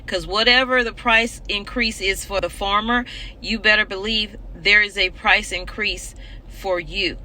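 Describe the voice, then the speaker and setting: A woman's voice: mid-range voice, fairly even intonation, measured pace, pushed and bright, slight background noise, poor audio. A woman homesteading vlogger speaking straight to her viewers in an earnest, urgent way, repeating her points for emphasis. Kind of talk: earnest direct-to-camera vlog.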